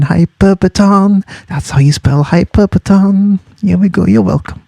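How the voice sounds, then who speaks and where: A man teaches students about a novel in a loose, chatty, playful way, hammering home the points they need to write down. His voice is gravelly and mellow, sitting a bit high for a man. The recording is dry and close. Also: normal speed, few pauses, no echo. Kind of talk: study guide explanation.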